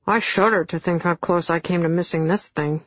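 A man's voice: on the high side, moderate pace, no echo, lightly acted. A woman voicing an eager, scruffy male lab colleague who mumbles offhand, wry remarks. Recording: dull, dry studio sound.

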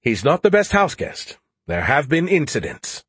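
A man's voice: mid-range voice, very animated, normal speed, husky, dry recording. A man voicing a chatty, smug male artificial intelligence who teases with gleeful mockery. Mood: teasing. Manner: mocking, gleeful teasing.

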